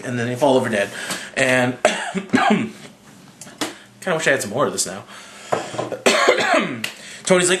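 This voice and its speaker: A slightly drunk young man recapping a movie in a rambling, profane, excitable way. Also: medium pitch, a little slow, pauses often, roomy sound, a little hiss or hum. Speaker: movie reviewer.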